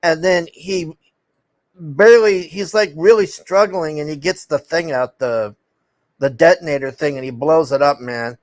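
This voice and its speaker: A man's voice: fairly high pitch, measured pace, dry recording. A man casually recapping a TV show, rambling and swearing, with many fillers and restarts. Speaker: TV show reviewer.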